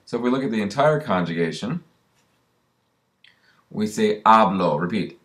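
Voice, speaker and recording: A man's voice: on the low side, animated, normal speed, pauses often, a bit bright. A man, teaching a recorded lesson and patiently repeating drill words for learners. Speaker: Spanish teacher. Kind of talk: recorded classroom lesson narration.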